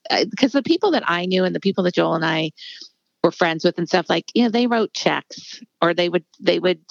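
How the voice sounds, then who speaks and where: Low, gravelly-voiced woman author. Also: lively intonation, fairly quick, no echo, dull audio. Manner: candid, rambling, lots of fillers. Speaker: author guest. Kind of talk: casual interview conversation.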